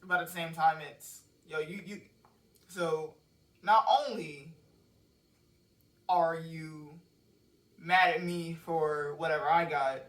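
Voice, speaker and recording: A man's voice: on the high side, fairly even intonation, slow pace, long pauses, a bit bright. Man, casual lyric breakdown, rambling, cursing, sits back from the mic, echoey room. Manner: loose, rambling, curses freely. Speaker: songwriter explaining his lyrics. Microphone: cheap microphone with laptop and phone. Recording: roomy echo, mic set far off.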